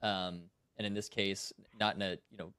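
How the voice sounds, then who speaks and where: A man's voice: on the low side, flat delivery, moderate pace, bright, forceful tone, clean tone, dry recording. A man, a podcast co-host who serves as a National Guard commander, talking earnestly and reflectively about leadership. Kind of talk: casual podcast discussion.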